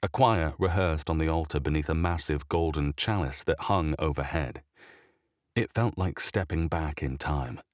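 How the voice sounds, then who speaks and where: A man narrating a short story in an even, measured reading style. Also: a bass voice, no echo, studio quality.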